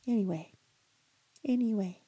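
A woman's voice: mid-range voice, unhurried, mellow, husky, dry recording. A woman hosting a livestream commentary, speaking emphatically and repeating herself for effect. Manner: emphatic, repetitive, reads chat aloud. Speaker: commentary channel host.

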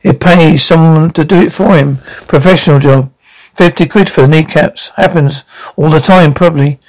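A man's voice: fairly high pitch, normal speed, natural voice, poor audio. A man playing a cocky office joker. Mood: smug. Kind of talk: sitcom acting.

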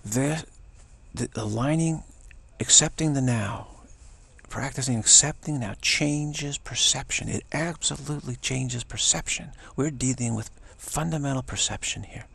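A man's voice: mid-range voice, a little slow, a bit bright. An older man giving a rambling spiritual talk, meandering and repeating himself, dropping to a whisper for emphasis. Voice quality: gravelly, husky. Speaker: spiritual teacher.

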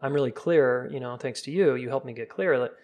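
A man's voice: medium pitch, brisk. Casual man giving relationship advice. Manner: casual, relaxed, talks straight to viewers; acts out calm sample dialogue in a soft voice. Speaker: relationship coach. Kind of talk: casual live-stream advice.

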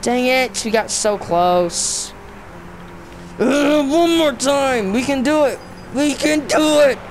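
A young man giving casual let's-play commentary on a racing game, talking to the game and himself in slang and often breaking into frustrated yelling. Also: very high-pitched, takes it slowly, noisy background. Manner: excitable, frustrated, bursts into yelling outbursts; talks to the game and himself, slangy, "dude" and "bro". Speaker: gamer narrating his own play.

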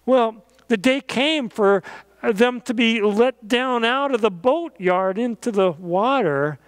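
A pastor telling a children's message story and ending in prayer, gentle and animated with playful sound effects. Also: male voice, extremely high pitch, takes it slowly, smooth, no echo.

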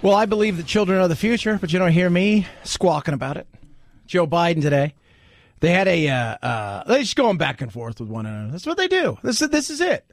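A man's voice: high voice, sing-song, fairly quick, no echo, clean studio sound. A man hosting a political commentary show, talking in a loose conversational way with rhetorical asides. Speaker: host.

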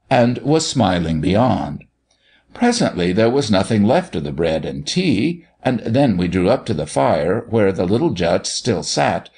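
Gravelly low-voiced male storyteller. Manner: expressive, measured storytelling. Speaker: audiobook narrator. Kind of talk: scripted storybook narration.

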